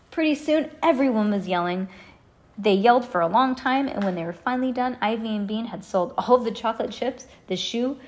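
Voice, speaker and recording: A woman reading a children's book aloud to her kids, lively and animated with them. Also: fairly high pitch.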